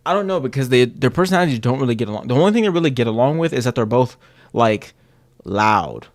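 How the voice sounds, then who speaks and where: A male streamer talking off the cuff in a mid-pitched voice. He rambles through slang and swearing, often restarting his sentences. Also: animated, fast. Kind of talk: casual chat.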